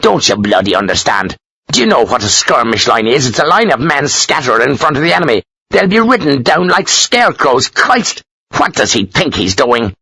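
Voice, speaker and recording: A man voicing a short-tempered Irish engineer officer who talks gruffly and bluntly. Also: lowish voice, big pitch swings, normal speed, a bit bright, no room sound, exaggerated voice, poor audio. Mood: exasperated.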